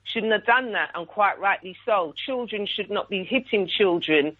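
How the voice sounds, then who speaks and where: A woman calling in to a radio talk show, retelling a school dispute with indignant, animated quoted dialogue. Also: mid-range voice, normal speed. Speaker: radio caller. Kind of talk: call-in story telling. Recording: tinny phone line on radio.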